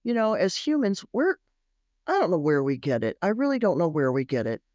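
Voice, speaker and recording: A middle-aged woman, a parenting expert, telling stories on a podcast in an animated, emphatic way that repeats phrases for effect. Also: lowish voice, brisk, no echo. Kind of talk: storytelling podcast interview.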